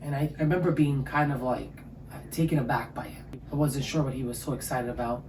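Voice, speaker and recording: This woman's voice rumbles low and runs a little fast as she recounts an emotional personal testimony as an interview guest. She tells it animatedly, like a story, in an echoey room where faint ambient noise can be heard.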